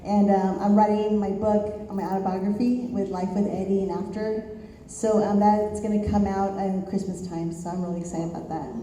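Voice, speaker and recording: A woman excitedly sharing her plans on a convention panel, with hesitant fillers. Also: medium pitch, moderate pace, a little hiss or hum. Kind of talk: panel Q&A answers. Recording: distant mic in echoey hall with loud crowd.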